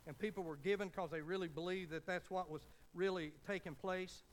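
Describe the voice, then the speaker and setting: A man's voice: sits high, steady tone, a little fast, poor audio. A man preaching a sermon, telling a folksy story as pastor and building to fervent appeals.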